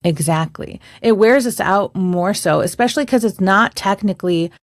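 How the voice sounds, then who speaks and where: A woman's voice: mid-range voice, normal speed, no room sound, studio quality. A woman, a voice coach and podcast co-host, who chats with care and hedges her words. She has a singer's trained, well-projected voice. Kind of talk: casual chat.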